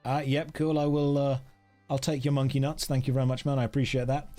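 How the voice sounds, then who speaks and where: A man's voice: medium pitch, level tone, brisk, dark tone, faint music behind. A man chatting playfully with viewers during a casual game stream, joking as he plays.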